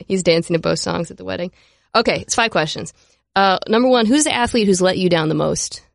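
Man podcast host, gravelly, dry sound, jokey, laughs a lot. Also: high-pitched, no room sound. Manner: joking, laughs often, quick asides. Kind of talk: casual sports podcast chat.

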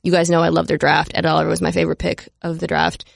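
A man hosting a sports podcast in casual chat, joking and laughing often with quick asides. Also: a little high, completely flat delivery, gravelly, no room sound, studio quality. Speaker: podcast host.

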